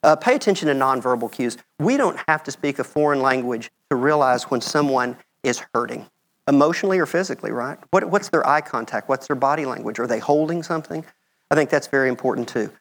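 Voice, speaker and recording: A man's voice: medium pitch, lively intonation, a little fast, a bit bright. Middle-aged american guy giving a slide talk, casual, keeps saying okay?, medium voice. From United States. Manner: conversational, checks in with "okay?". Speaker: medical mission speaker.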